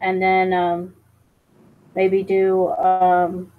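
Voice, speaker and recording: A woman's voice: on the low side, monotone, drawn-out words, phone-quality sound. A woman live streamer chatting casually, teasing and reading her chat aloud, with plenty of ums and restarts. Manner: fillers and restarts.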